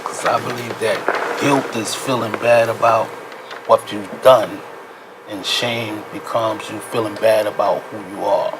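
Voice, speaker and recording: A man's voice: fairly low pitch, fairly even intonation, measured pace. A man speaking as a counselor guest on a talk show, explaining in an earnest, supportive way. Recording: noticeable background noise.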